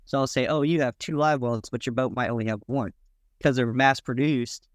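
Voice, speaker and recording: A man's voice: medium pitch, fairly even intonation, fairly quick, no room sound. A man who builds boats, a podcast guest, explaining his work in a laid-back, practical way. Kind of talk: casual podcast conversation.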